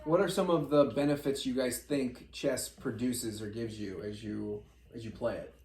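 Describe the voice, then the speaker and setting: A man's voice: mid-range voice, moderate pace, darkish tone. A man hosting a casual family podcast as the father, joking and often laughing as he asks his sons questions. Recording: roomy echo.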